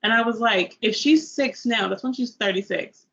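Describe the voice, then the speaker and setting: A woman's voice: on the high side, moderate pace, vocal fry, fairly bright tone. A young woman talks through a film on a casual review panel. She rambles, strings together "like" fillers and acts out her own reactions. The recording sounds a little dull, with faint noise underneath. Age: young adult. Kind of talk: casual movie review chat.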